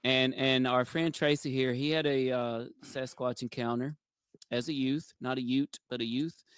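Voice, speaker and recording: A man's voice: mid-range voice, little pitch movement, moderate pace, fairly bright tone, clear, resonant tone, dry recording. A man, a former game show contestant, talking in a jovial, folksy, playfully boastful way in a casual group chat.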